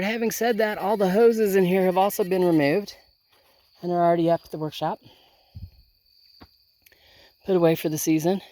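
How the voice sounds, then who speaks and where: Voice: mid-range voice, normal speed, pauses often, a little mellow, dry recording. Chatty gardener vlogging outdoors. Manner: chatty, thinks aloud, many ums. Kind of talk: casual chat to camera while working. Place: outdoor garden and hoop tunnel.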